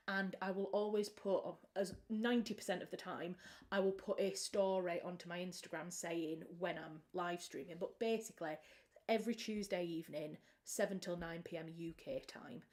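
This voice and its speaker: British woman host, casual rambling livestream chat, mid pitch, lots of restarts. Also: steady tone, normal speed, a little mellow. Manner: chatty and rambling, with frequent restarts and fillers. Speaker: writer hosting a livestream.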